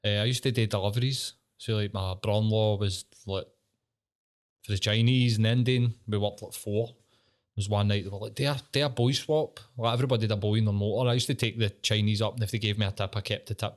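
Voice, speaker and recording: Scottish male co-host, lower voice, laughing, sweary banter. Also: steady tone, quick pace. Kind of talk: casual chat.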